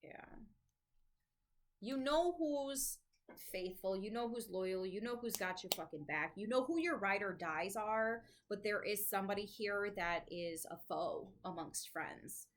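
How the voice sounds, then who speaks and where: A woman's voice: medium pitch, lively intonation, a little slow, poor audio. A woman giving a casual tarot reading to camera, chatty and thinking aloud, with the odd swear, at home with her dogs nearby. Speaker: tarot reader.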